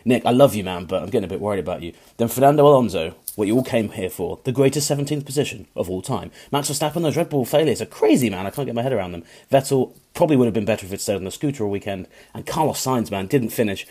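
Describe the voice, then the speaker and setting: Quick, jokey podcast co-host, male, fairly low voice, quick to laugh. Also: animated, mellow, breathy edge. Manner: quick, laughing, self-mocking. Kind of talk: casual chat.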